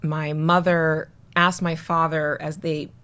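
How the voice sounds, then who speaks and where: A woman's voice: low-pitched, slow, clear, resonant tone. A woman from Atlanta, a podcast guest telling family stories in a casual chat, acting out the people she quotes. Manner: animated storyteller, acts out quotes.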